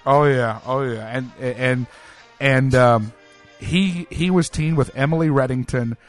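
A man, a podcast co-host, chatting casually and telling an animated story. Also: a little slow, soft background music. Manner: animated storyteller, jumps pitch for quoted voices.

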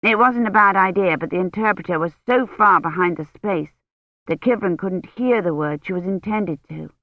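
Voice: mid-range voice, moderate pace, dry recording. Dull lo-fi dry audiobook narration.

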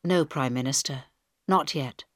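A woman reading the part of a male aide reporting to the prime minister, brisk and deferential. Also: extremely low pitch, no room sound, studio quality. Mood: anxious.

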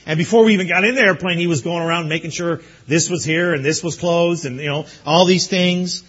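High husky pastor preaching to graduates. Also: male voice, brisk, few pauses, fairly bright tone, highs cut off. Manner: storytelling, chuckling, earnest exhortation. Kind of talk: sermon to graduates.

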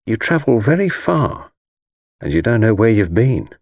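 Male audiobook narrator, low voice with a lively melody, dry close sound, unhurried. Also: dry recording. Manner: measured, reflective storytelling.

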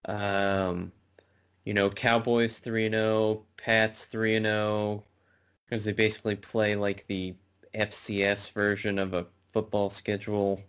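A man's voice: on the low side, flat delivery, slow pace, a bit bright, smooth. A man co-hosting a podcast in a casual sports chat, rambling and swearing freely. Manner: rambling, profane, says bro a lot. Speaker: podcast co-host.

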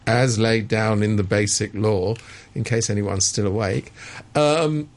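A man's voice: on the low side, fairly even intonation, a little slow. A man giving sardonic, opinionated commentary in a radio studio, stammering and restarting as he talks.

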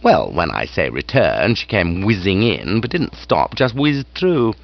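A man's voice: low-pitched, big pitch swings, measured pace, creaky. A man narrating a comic novel in a wry, storytelling manner. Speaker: audiobook narrator. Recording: dull dry studio recording.

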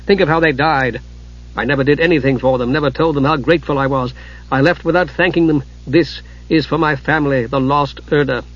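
A man doing a quietly resolute young woman. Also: on the high side, steady tone, brisk, highs cut off, lightly acted. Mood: quiet resolve. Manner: quiet, self-urging inner voice.

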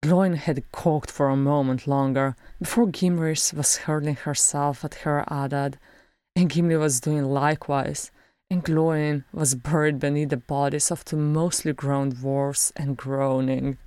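A woman reading a fan fiction chapter aloud as an audiobook, slow and even. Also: sits low, smooth, dry recording, studio quality. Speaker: audiobook reader.

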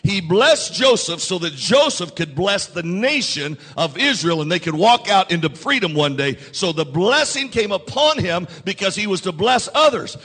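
A pastor preaching a sermon to his congregation. His voice sits high and swings widely as he presses the crowd and leads call-and-response. The sound rings with the long reverb of a church sanctuary. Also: very animated, normal speed, few pauses, a bit bright, breathy edge. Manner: preaching with rising intensity and call-and-response prompts.

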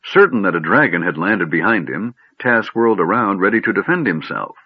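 A man narrating a fantasy audiobook in a measured storytelling manner, recorded on a narrow phone-like line. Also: sits low, animated, slightly rough, no echo. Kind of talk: scripted narration.

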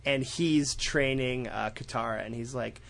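A man's voice: mid-range voice, unhurried, vocal fry, a bit bright. A man co-hosting a podcast, casually recapping an episode in a rambling way with frequent fillers and swearing. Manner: rambling, acts out characters, swears freely. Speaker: podcast co-host.

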